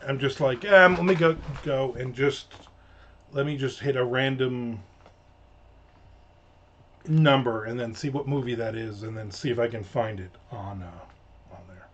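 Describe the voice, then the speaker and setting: A man's voice: medium pitch, steady tone, unhurried, pauses often, a bit bright. A man from the United States chats on a livestream, answering viewer comments with jokes. His talk rambles, trails off and starts over. The sound is a little muffled and lo-fi. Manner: rambling, jokey, trails off and restarts often. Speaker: livestream host. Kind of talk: casual livestream chat reading viewer comments. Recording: slightly dull lo-fi home mic.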